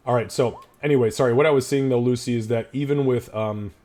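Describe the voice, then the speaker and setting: A man narrating a tabletop game as its game master. He talks loosely, thinking aloud as he works through the numbers. His voice sits at an ordinary middle pitch. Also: a little hiss or hum. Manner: loose, thinking aloud while doing the sums.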